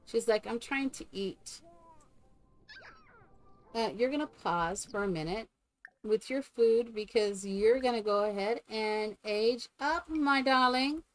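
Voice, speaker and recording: A woman's voice: fairly high pitch, measured pace. A woman streaming a game live, chatting casually and coaxing her characters like a doting mother.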